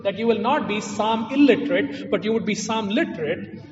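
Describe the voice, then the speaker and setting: A man's voice: high voice, moderate pace, a little mellow. A man preaching a sermon in a church, emphatic and repeating his key phrases. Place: church hall. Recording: distant echoey hall, muffled.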